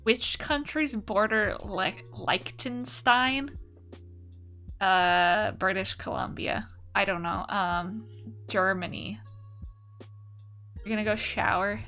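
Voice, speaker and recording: A woman's voice: medium pitch, slow pace, pauses often, bright, forceful tone, soft background music. A young woman from the United States chatting casually and profanely while answering chat on an art stream.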